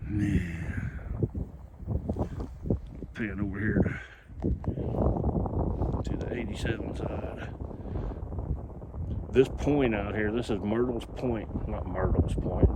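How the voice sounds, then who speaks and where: A middle-aged man rambling in a folksy way while filming a scenic vlog outdoors on a phone he holds in his hand. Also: lowish voice. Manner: rambling, folksy, laughs often. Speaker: vlogger. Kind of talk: casual outdoor vlog narration. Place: outdoors on a windy rim overlook. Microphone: phone held in hand. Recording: lo-fi phone audio with loud wind. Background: wind.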